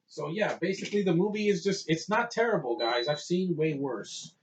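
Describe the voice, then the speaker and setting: A man's voice: a little high, expressive, normal speed, muffled recording, a little hiss or hum. A man giving a casual, blunt and profane movie review from a small hot room, with many fillers.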